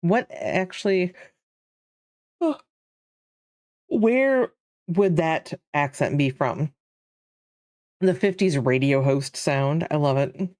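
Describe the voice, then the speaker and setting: A woman's voice: low-pitched, lively intonation, slow, long pauses, darkish tone, dry recording. A woman with a Michigan accent hosting a casual live game stream, rambling and answering chat as she plays. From Michigan, USA.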